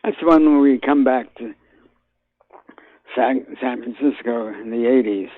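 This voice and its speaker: An older man, a guest actor, talking in a phone interview, halting with many fillers and restarts. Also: medium pitch, no room sound. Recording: tinny phone line.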